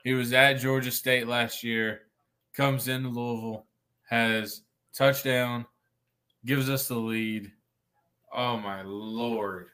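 A man, excited and stammering as he tells game-night stories. His voice is bright and sharp, at a middling pitch for a man. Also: slow pace, smooth. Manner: stammering, laughing storyteller. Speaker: podcast co-host. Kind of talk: excited postgame sports chat.

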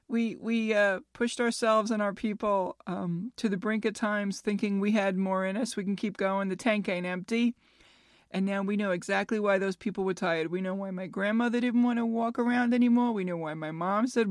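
This podcast host is a woman in her fifties with a medium-pitched voice and a moderate pace, captured in studio quality with no audible room. Going solo and casual, she's chatty, self-deprecating, and quick to laugh at her own jokes.

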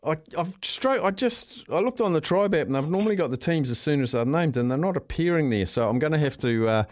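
Upbeat New Zealand radio host, dry studio sound. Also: male voice, on the high side, expressive, a little mellow, no echo. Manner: upbeat and chatty, quick banter with callers. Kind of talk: casual radio call-in chat.

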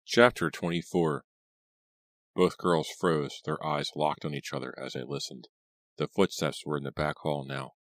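A man narrating a teen thriller audiobook in a steady, suspenseful storytelling manner. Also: very deep voice, measured pace, dry recording, clean studio sound. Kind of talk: scripted narration.

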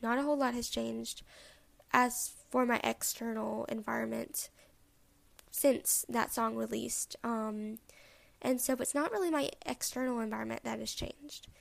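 A young woman hosting a podcast, talking reflectively and haltingly with many ums, open about her feelings. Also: a little high, steady tone, creaky. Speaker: podcast host. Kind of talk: personal reflective podcast talk.

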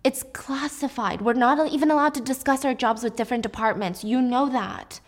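A woman's voice: high-pitched, normal speed. A woman playing a stern dismissive husband. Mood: stern placating. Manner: placating then stern. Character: dismissive husband, engineer, tense and controlling.

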